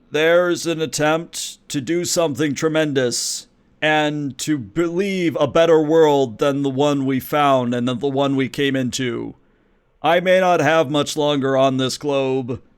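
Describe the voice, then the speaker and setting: A man's voice: fairly high pitch, smooth, close to an everyday voice. A man voicing an aging male inventor delivering a grand, oratorical speech.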